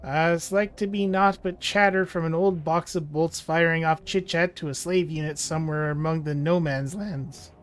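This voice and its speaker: A man's voice: a little high, steady tone, normal speed, few pauses, faint music behind, natural voice. A man voicing a chatty old male robot with a folksy, chummy way of talking, as he reads a game character aloud. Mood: jovial.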